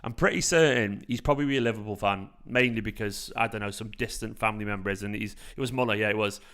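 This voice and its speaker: A man's voice: on the low side, fast. A young man with a light Manchester accent, rambling and swearing freely while hosting a casual football fan live stream. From South Manchester, England. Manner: rambling, animated, swears freely, frequent fillers. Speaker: football fan channel host.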